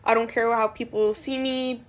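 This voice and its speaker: A woman's voice: fairly high pitch, little pitch movement, normal speed. A woman telling a personal story in a casual storytime monologue, blunt and slangy, swearing freely. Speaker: storytime creator.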